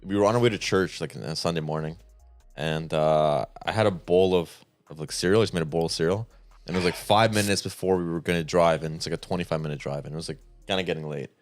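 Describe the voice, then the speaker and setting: A young man with a lowish voice telling a laid-back story on a comedy podcast. The sound is dry and close, with faint music playing under it. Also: fairly even intonation, fast, no echo. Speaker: podcast co-host. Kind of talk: casual comedy podcast chat.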